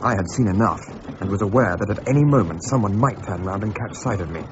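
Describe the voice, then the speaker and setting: An actor playing an English gentleman adventurer who narrates his tale, brisk and commanding, in a radio drama. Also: fairly low pitch, expressive, muffled recording, background noise, close to an everyday voice. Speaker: narrator and lead character.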